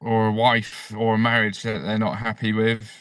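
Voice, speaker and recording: Male stand-up guest, sharp bright voice, dry close recording, foul-mouthed banter. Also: on the low side, flat delivery, moderate pace, no echo. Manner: crude, swears freely, ranting bursts. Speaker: comedian guest. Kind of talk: casual comedic podcast chat.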